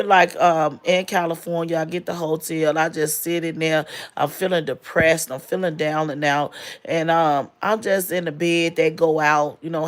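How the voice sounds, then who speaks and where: A woman in her forties telling a personal story in a casual, emotional way, with many fillers, close to tears. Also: sits low. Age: 40s.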